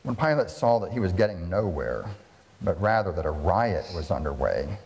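A man reading scripture aloud as a lector, in a formal, measured way, in a reverberant hall. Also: low voice, very animated, darkish tone.

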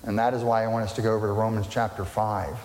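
A man's voice: lowish voice, little pitch movement, quick pace, a little mellow, slight background noise. A man preaching a sermon as pastor, emphatic, repeating key words and putting rhetorical questions to the congregation. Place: church sanctuary. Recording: echoey hall with long reverb.

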